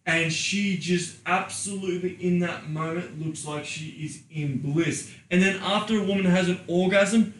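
Profane, animated man in an echoey room. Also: high voice, moderate pace, few pauses, recorded from a distance. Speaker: podcast co-host and sex coach. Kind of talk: casual podcast chat. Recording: echoey room, off-mic, faint noise.

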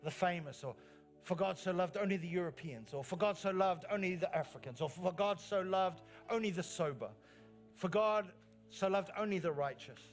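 A man's voice: high voice, normal speed, soft background music. A male pastor delivering an earnest sermon in a church, stressing lines by repeating them. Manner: earnest preaching with rising emphatic phrases and repeated lines.

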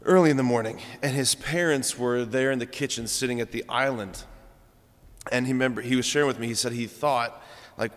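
A man's voice: medium pitch, brisk. A young adult man, a priest, giving a homily in a conversational storytelling way, with frequent fillers. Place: large church. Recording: long church reverb.

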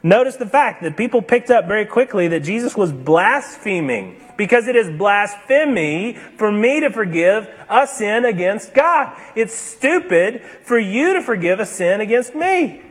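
A man preaching with a husky, somewhat breathy voice that sits fairly high for a man. His delivery swings between emphatic, raised passages and hushed, slowed-down lines. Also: very animated. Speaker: pastor. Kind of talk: sermon.

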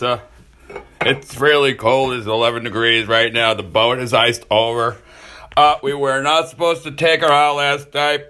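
A man voicing a boozy older man stranded on an iced-over boat, rambling and halting with lots of uhs and calling people pal, heard as a voicemail. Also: medium pitch, pushed and bright, clean tone. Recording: voicemail message played back.

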